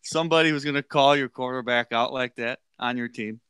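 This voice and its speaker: A man co-hosting a casual sports podcast, who laughs often and stumbles over his words when excited. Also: mid-range voice, fairly quick, smooth, no room sound, studio quality. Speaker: podcast co-host.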